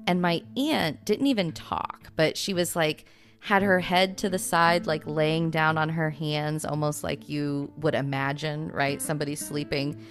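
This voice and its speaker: Brief: low-pitched woman podcast host, chatty storyteller who keeps looping in asides; faint music underneath. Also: steady tone, a little slow. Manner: rambling, full of "you know" and "like" asides. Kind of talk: casual storytelling chat.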